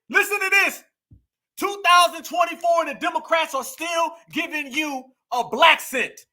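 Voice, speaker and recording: A man's voice: very high voice, bright, forceful tone. A man giving emphatic casual commentary, asking rhetorical questions and talking straight to his viewers. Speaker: online commentator.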